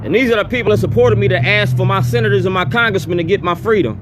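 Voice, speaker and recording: A man speaking fast in a high register confronts a town hall meeting with a defiant public speech, restating his demands again and again. Background noise is audible.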